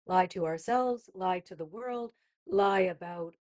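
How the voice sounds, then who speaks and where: A woman's voice: lowish voice, a little slow, a little mellow. A woman guest on a faith-based talk show, speaking emphatically and reflectively as she builds her points. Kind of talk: casual faith-based conversation.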